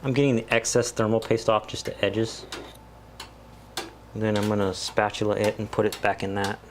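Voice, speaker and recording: A man's voice: lowish voice, flat delivery, moderate pace, background noise. A man chatting casually and rambling with jokes while working on a computer build. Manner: rambling, joking, mimics voices. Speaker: PC building vlogger.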